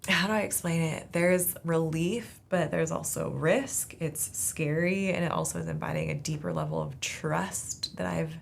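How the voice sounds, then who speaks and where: Woman hosting a faith podcast, casual and earnest, lowish gravelly voice. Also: animated, normal speed, hardly any pauses. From Southern California. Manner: casual, earnest, many "like" fillers. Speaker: podcast host. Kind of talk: faith testimony talk.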